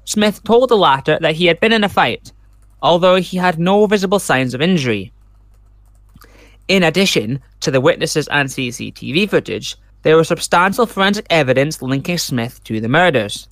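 A man's voice: a little high, animated, normal speed, a bit bright, no echo, clean studio sound. A man hosting a casual true crime podcast, reading case details aloud and rambling into side comments. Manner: rambling, reads case notes aloud with chatty asides. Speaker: podcast host.

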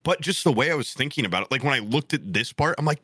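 A young man telling a story in casual chat, animated and jokey, swearing often. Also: medium pitch, fast, breathy edge, no echo, clean studio sound.

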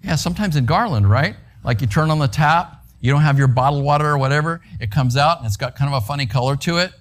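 A man's voice: fairly high pitch, fast. A man preaching a conversational sermon in a church, asking the congregation rhetorical questions. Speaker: pastor. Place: church sanctuary.

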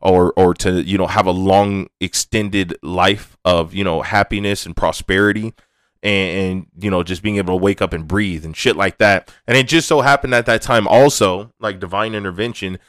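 Low, smooth-voiced man talking casually. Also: normal speed, a bit bright, no room sound, studio quality. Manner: rambling, candid, frequent restarts and swearing. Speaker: podcast host. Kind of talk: casual monologue.

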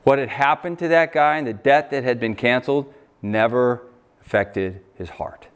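A man's voice: mid-range voice, moderate pace, clear, resonant tone. An American man preaching a sermon as pastor, reading scripture and adding emphatic asides.

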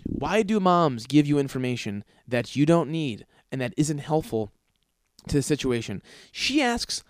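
A man's voice: on the high side, sing-song, a little slow, no echo, studio quality. A man hosting a comedy podcast, ranting in an exasperated, profane, rambling way. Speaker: podcast host. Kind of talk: comedic rant.

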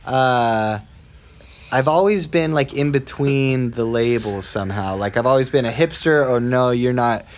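A man's voice: medium pitch, a little slow. A man talking as a podcast guest in casual chat, rambling and self-mocking, often trailing off and restarting.

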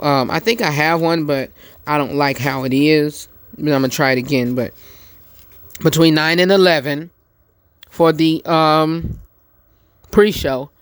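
Slow, rambling male show host. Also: on the high side, clean tone, no echo. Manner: slow, rambling, many ums and restarts; eating while talking. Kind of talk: casual live-stream chat. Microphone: phone.

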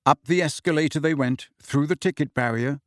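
A man narrating an audiobook in an expressive, lively reading. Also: a little high, a little fast, no room sound, clean studio sound.

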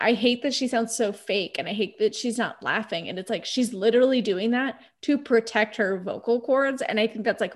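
Chatty young woman from Texas. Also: mid-range voice. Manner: chatty, rambling with many "like"s. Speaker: guest. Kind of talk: casual chat.

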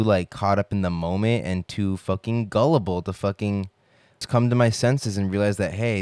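A man's voice: lowish voice, darkish tone, dry recording. A young man telling stories in a casual podcast monologue, rambling and swearing with lots of filler words.

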